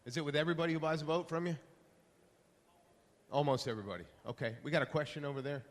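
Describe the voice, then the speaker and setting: Guy running a panel, kinda high voice, asking the crowd stuff, echoey hall. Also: steady tone, quick pace. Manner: upbeat, polls the audience, hands off to panelists. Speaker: panel moderator. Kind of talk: moderating a conference panel. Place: conference hall. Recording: long hall reverb.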